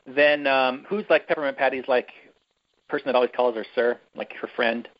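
A man's voice: medium pitch, normal speed, highs cut off. A man hosting a podcast, recapping a movie in a rambling, chatty and irreverent way. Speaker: podcast host. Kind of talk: casual chat, movie recap.

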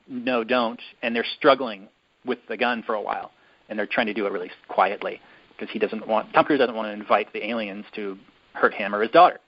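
A male host retells a story in a casual, rambling way, with plenty of fillers and long pauses. His voice sits at a middle pitch. The recording is muffled and lo-fi. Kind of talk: casual chat. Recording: dull lo-fi recording.

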